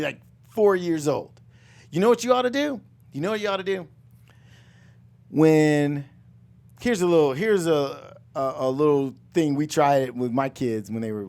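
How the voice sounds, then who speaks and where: A middle-aged man hosting a live finance coaching talk, loud and emphatic, repeating his phrases and mixing in jokes. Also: a little high. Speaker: real estate coach and show host.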